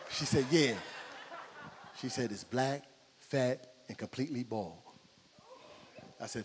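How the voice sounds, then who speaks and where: With a mid-range voice, a measured pace and frequent pauses, a middle-aged comedian from New Jersey performs stand-up in a comedy club before an audience, animatedly telling stories and acting out both sides of each exchange. There's a long reverb tail and a little hiss or hum.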